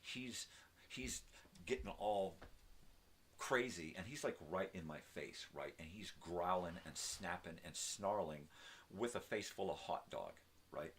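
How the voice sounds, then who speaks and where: A man's voice: sits low, measured pace, slight background noise. An older man hosting a live morning show, telling a rambling story casually and often tagging lines with "right?". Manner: talks to his dog, tags lines with "right?".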